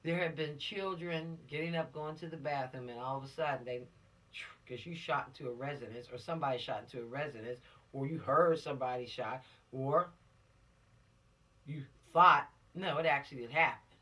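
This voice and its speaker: A man's voice: mid-range voice, moderate pace, pushed and bright, far from the mic. A man giving an informal, preachy law lesson to teenagers, repeating his points for emphasis. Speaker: law instructor for teens.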